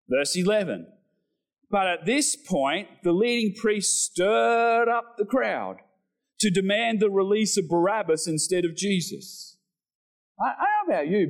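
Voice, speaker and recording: A man preaching a sermon, animated, rising to emphatic peaks and dropping low.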